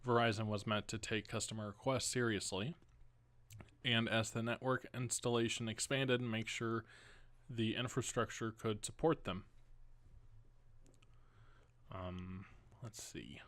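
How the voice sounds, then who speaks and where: A man's voice: on the low side, steady tone, unhurried, pauses often, fairly bright tone, no echo. A young man hosting a podcast at home, reading news stories aloud and adding casual, rambling asides. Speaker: podcast host.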